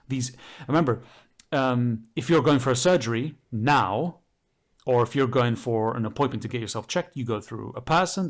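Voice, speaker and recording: A man co-hosting a casual podcast chat, explaining his ideas enthusiastically and at length, with many fillers. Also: medium pitch. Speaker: podcast co-host.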